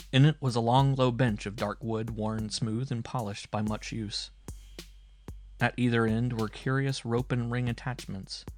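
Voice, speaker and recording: A man narrating an audiobook in a deliberate, dramatic storytelling manner. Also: mid-range voice. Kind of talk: audiobook reading.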